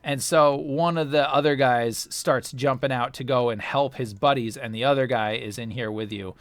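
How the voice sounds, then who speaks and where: A man runs a tabletop role-playing game as game master, narrating in a loose, rambling way with many pauses. His mid-pitched voice is recorded dry and close. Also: steady tone, no echo. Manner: rambling, filler-heavy narration.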